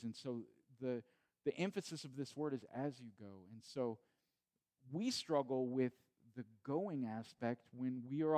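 A male pastor giving a sermon from home, talking in a relaxed, conversational way with restarts and repeated phrases. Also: medium pitch. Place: at home during quarantine.

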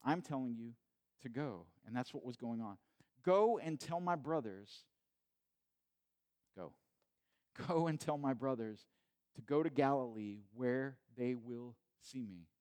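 A man preaching a sermon in a conversational way, retelling the scene with animated asides. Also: medium pitch, measured pace, pauses often, smooth. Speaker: pastor.

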